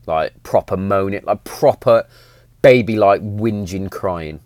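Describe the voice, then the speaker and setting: A man's voice: fairly low pitch, takes it slowly, a little mellow, dry recording, clean studio sound. A man, telling stories in a blunt, chatty way, often repeating himself and swearing. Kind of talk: casual storytelling monologue.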